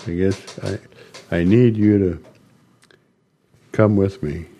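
Slow, deep-voiced older man telling stories. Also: fairly even intonation, dark tone, a little hiss or hum. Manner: slow, halting storyteller with chuckles. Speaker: interviewee recounting ministry. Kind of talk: storytelling interview.

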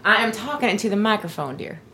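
A woman guest in a casual group chat, quick and matter-of-fact. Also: mid-range voice, lively intonation, creaky, a bit bright.

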